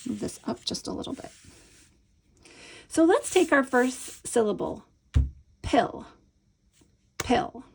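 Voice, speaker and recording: Patient woman teacher, gravelly voice. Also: on the high side, a little mellow. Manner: encouraging, patient, checks in with "right?". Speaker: Montessori teacher. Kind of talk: instructional demonstration.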